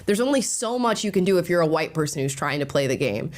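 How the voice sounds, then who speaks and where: A woman's voice: deep voice, very animated, quick pace. A young woman hosting a reaction video in casual, opinionated commentary, often laughing.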